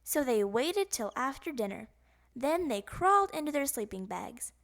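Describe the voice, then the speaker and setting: A woman reading a children's picture book aloud, animated and playful with the sound words. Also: high voice, normal speed. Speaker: storybook reader.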